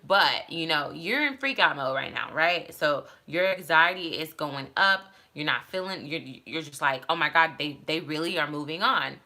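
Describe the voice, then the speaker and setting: Woman vlogger, low voice with a bright edge, candid and rambling, recorded on a phone. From Texas. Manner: candid, rambling, many fillers. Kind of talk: casual advice talk to camera.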